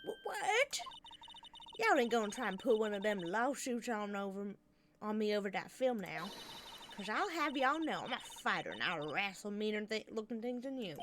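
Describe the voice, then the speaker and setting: A woman voicing a brash young southern woman photographer in a put-on American Southern drawl, loud and scolding. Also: medium pitch, sing-song, moderate pace, slight background noise. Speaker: video game character.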